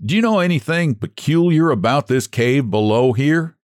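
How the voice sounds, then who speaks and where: A man voicing a pudgy city man who speaks calmly and with a sneer. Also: medium pitch, moderate pace, dry recording, studio quality, pitched above the performer's own voice, natural voice. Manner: calm, sneering.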